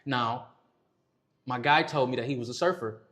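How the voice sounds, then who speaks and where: A man guesting on a podcast, telling a story in casual chat, animated and swearing freely as he acts out what others said. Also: medium pitch, moderate pace.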